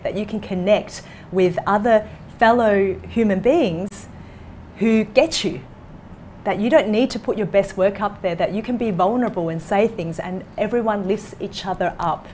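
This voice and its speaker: Woman, course coach, enthusiastic, storytelling, salesy, mid pitch, faint hiss. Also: a little mellow. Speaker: coach for dentists. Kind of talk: course pitch in an online interview.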